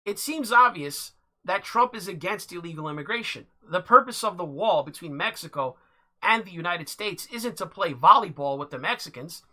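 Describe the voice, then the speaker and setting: Bright-voiced livestream political commentator. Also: mid-range voice, animated. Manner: halting, with many fillers and restarts. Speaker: political commentary channel host. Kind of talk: livestream political commentary, reading an article aloud.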